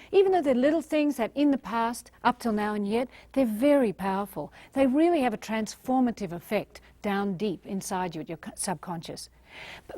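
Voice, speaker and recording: Animated woman giving a motivational talk. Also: fairly high pitch, no room sound. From Australia. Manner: animated storyteller acting out quoted voices. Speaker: motivational speaker.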